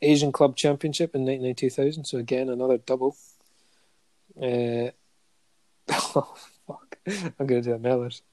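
A man's voice: medium pitch, steady tone, moderate pace, pauses often, darkish tone, no echo. A man in casual podcast chat, reading out a long list of honours with frequent ums and light chuckles. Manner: listing facts steadily with many ums and chuckles.

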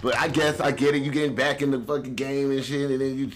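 A man's voice: medium pitch, steady tone, fast, soft background music. A young man co-hosting a podcast in casual, joking banter, swearing freely as he talks. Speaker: podcast co-host.

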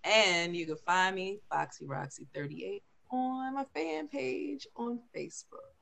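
A woman co-hosting a podcast, speaking in a sultry, drawn-out way. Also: mid-range voice, creaky, fairly bright tone. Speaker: podcast co-host. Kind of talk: casual chat.

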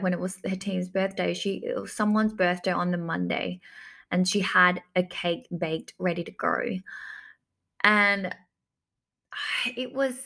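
A woman's voice: mid-range voice, creaky, pushed and bright. A woman telling a personal story in a reflective, repetitive way, often saying "like" and circling back to the same phrases, as a coach talking to her audience. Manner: reflective, repeats phrases, filler-heavy. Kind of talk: personal story told to camera.

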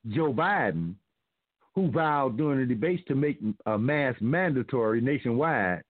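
A man's voice: on the high side, no room sound. Preachy male host on a thin phone-like line. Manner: preachy, sarcastic, addresses listeners as family. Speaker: talk show host. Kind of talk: opinionated commentary reading news aloud.

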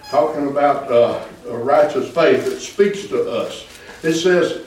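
A man preaching a fervent sermon as pastor, with call-and-response and bursts of shouting. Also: mid-range voice, normal speed, a little hiss or hum. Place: church sanctuary. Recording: echoey church hall from far off.

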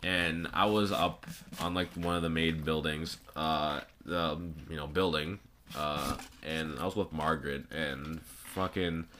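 A young man with a very low voice and a bright, forceful edge, chatting in a laid-back way on a podcast. He swears casually and laughs often. A faint hiss runs under the recording. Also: fairly even intonation, a little slow. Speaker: podcast co-host. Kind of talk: casual chat.

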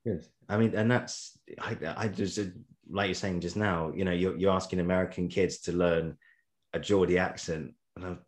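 A man's voice: sits low, fairly even intonation, normal speed. A man interviewing a guest in a conversational way, rambling and encouraging, often laughing.

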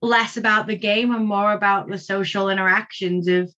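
A woman's voice: mid-range voice, steady tone, moderate pace, pushed and bright, muffled recording. A woman from England, chatting as a podcast guest over a video call and laughing easily. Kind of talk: casual chat.

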